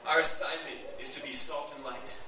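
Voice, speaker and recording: Preaching in a church hall where the mic sits far off and the room echoes, this young adult pastor from Canada sounds enthusiastic and conversational. His voice is a little high and a little fast, steady, pushed and bright, with some hiss or hum.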